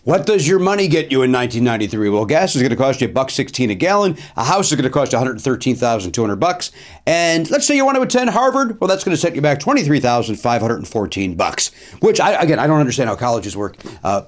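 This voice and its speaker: A middle-aged man hosts a comedic solo podcast from a studio. He talks in a wry, self-deprecating way, wanders into rambling asides, and his voice swings widely in pitch. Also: very animated, quick pace. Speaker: podcast host.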